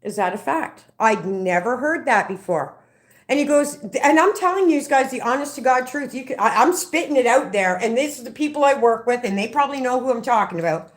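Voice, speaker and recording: Profane, animated woman ranting on a livestream. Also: fairly high pitch, a little fast. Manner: profane, animated storytelling with acted-out quotes. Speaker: livestream vlogger.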